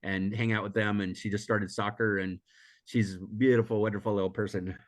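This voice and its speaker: An older man from the USA, a guest in an interview, talking in a rambling, reflective way with frequent restarts and laughter, still hoarse from a recent illness. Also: on the low side, level tone, fairly quick. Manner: rambling, self-correcting, laughs often. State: recovering from illness, coughing. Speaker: interview guest, emotional intelligence teacher. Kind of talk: casual reflective interview talk.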